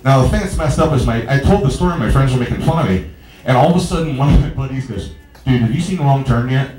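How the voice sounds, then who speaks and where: Guy doing stand-up at a bar, rambly stammery storytelling, bouncy lively voice, echoey room. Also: mid-range voice, fast talker, a little hiss or hum. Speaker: stand-up comedian. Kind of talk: stand-up comedy set. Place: small bar stage.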